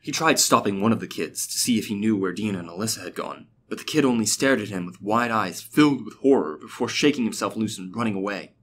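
A man reading a fictional story aloud as a steady, even narrator. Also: fairly low pitch, quick pace, few pauses, a little hiss or hum.

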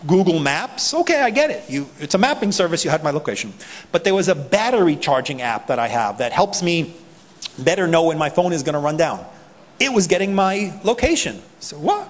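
A man with a New York accent giving a conference talk, animated and acting out people's reactions. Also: on the high side, a little fast. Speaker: privacy advocate speaker. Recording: long hall reverb.

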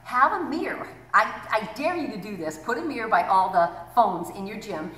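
Perky animated woman coach. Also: medium pitch, moderate pace, slight background noise. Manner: perky, animated, acts out phone greetings. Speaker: gym business coach. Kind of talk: instructional talk to camera. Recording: echoey room, mic at a distance.

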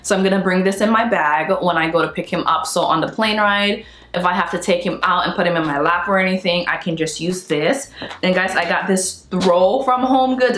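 A woman's voice: lowish voice, fairly bright tone, roomy sound. Chatty young woman gushing to her viewers. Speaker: vlogger. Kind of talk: casual haul vlog chat.

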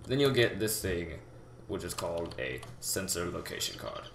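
A young man giving a rambling, halting game tutorial, full of fillers and restarts, talking as if out of breath. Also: low-pitched, lively intonation. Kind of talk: casual gameplay tutorial. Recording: echoey room with loud background noise. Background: keyboard typing and mouse clicks.

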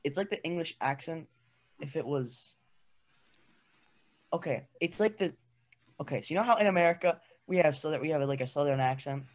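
A man's voice: fairly high pitch, fairly quick, pauses often. A teenage boy co-hosting a student podcast, talking casually and hesitantly with many fillers. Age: teens. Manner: hesitant, filler-heavy, reluctant to perform. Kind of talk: casual chat.

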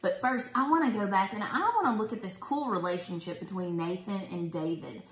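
A woman's voice: mid-range voice, a little fast. A woman hosting a casual Bible study talk, chatty and enthusiastic. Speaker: host. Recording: roomy echo.

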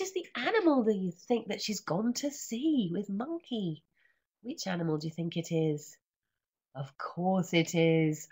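A woman teacher trainer reading a picture book aloud and explaining it, with animated, sing-song chanting of the refrain, over a computer microphone. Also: mid-range voice, normal speed, slightly rough. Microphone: computer microphone in an online session.

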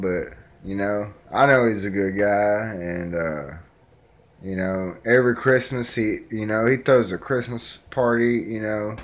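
A man's voice: on the low side, a little slow. A man speaking in a casual, rambling vlog message, sincere and full of fillers. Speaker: vlogger.

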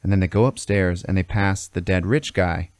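A man with a very low voice tells a story on a podcast in a casual, profane way. He keeps stopping to check in with "okay?" and "all right?". The sound is dry and close. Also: steady tone, normal speed, dry recording. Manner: swears constantly, checks in with "okay?". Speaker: podcast host telling a story. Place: podcast studio.

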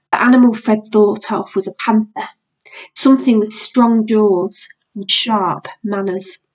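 A woman's voice: a little high, lo-fi sound. A British woman teacher reading a novel aloud to her class.

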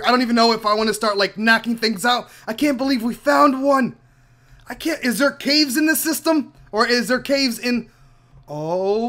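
A young man casually commenting on his own game play, rambling and breaking into excited shouts. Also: extremely high pitch. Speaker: gaming channel host. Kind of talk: Minecraft let's play commentary.

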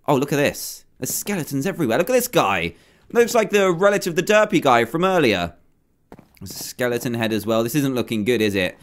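A man giving excitable, chatty commentary over his own gameplay, with frequent exclamations. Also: mid-range voice, brisk. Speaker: gaming video host. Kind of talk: let's play commentary.

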